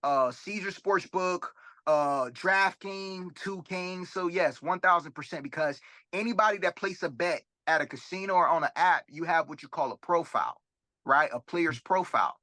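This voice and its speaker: A young man from Florida tells his story as an interview guest. He is animated and profane, acts out the dialogue and keeps tossing in quick tag questions. His voice sits a little high and sounds bright and forceful, recorded close and dry. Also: no echo. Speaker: rapper and sports bettor, guest.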